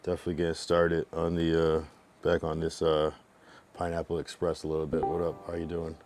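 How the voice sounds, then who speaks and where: A man casually chatting on his live stream, rambling and relaxed, with a lot of fillers and swearing. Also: a bass voice, brisk, over music. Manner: laid-back, rambling, heavy use of fillers and swearing.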